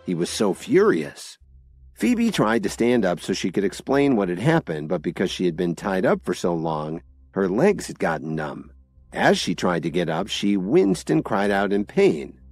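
A man narrating an audio drama series in an expressive storytelling manner. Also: sits low, normal speed, no room sound, soft background music.

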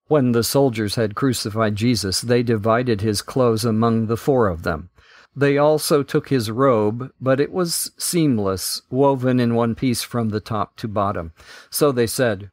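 A man hosting a Bible podcast, reading scripture in a measured, deliberate way. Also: medium pitch, dry recording, clean studio sound.

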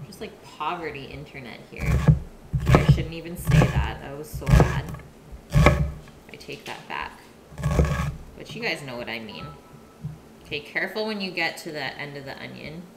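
A woman's voice: deep voice, animated, brisk, very noisy. A woman from Canada cooking on a live stream in her home kitchen, chatting with viewers and answering their chat as she works. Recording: echoey kitchen with loud clatter. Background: clattering pots, pans and dishes.

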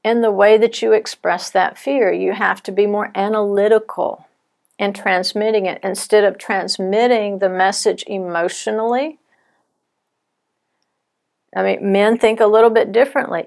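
A middle-aged woman giving an earnest, measured teaching talk to wives, telling stories to make her points. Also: medium pitch, steady tone, creaky. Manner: earnest, measured, softens for quoted fears. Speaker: Bible teacher.

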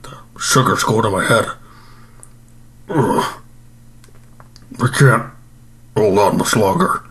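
A man's voice: on the low side, takes it slowly, a bit bright, whispered. A man playing an overstuffed, self-pitying male supervillain in an improvised comedy monologue, groaning and rambling about his regrets.

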